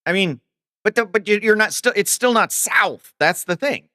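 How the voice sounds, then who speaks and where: Lively bright-voiced man chatting on stream. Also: sits high, no echo, studio quality. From Ohio. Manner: rambling, reads chat aloud and answers with quick laughs. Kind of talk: casual live-stream chat while coding.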